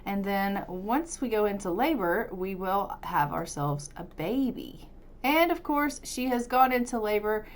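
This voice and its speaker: This woman's medium-pitched voice is expressive and unhurried as she commentates her life-sim gameplay. As a let's-play host, she keeps things casual, cheerful, and talkative, describing each move she makes.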